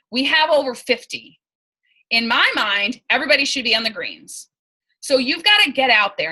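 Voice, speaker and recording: Brief: bright-voiced young woman, team leader, chatty and emphatic, video-call mic. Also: on the high side, slightly rough, low-quality recording. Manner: chatty, emphatic, laughs often. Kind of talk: casual coaching talk on a video call.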